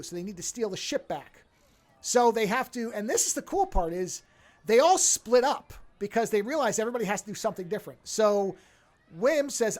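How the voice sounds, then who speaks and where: A woman's voice: fairly high pitch, normal speed. A woman hosting a podcast, recapping a TV episode in casual chat, acting out the quotes and swearing freely. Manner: animated storytelling, acts out quotes, swears freely. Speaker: podcast host.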